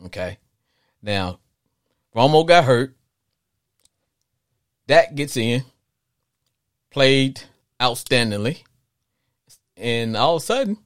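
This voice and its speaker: A middle-aged man from Arkansas hosting a call-in sports podcast, talking in an animated, rambling way with frequent restarts. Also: medium pitch, slow pace, pauses often, smooth, no room sound, clean studio sound.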